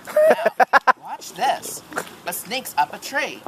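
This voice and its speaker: A man's voice: sits high, sing-song, takes it slowly. A man narrating a mock nature documentary in a crude, exaggerated, giggly way at a lakeside. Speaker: skit narrator. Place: lakeside outdoors. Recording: noisy outdoor camera audio.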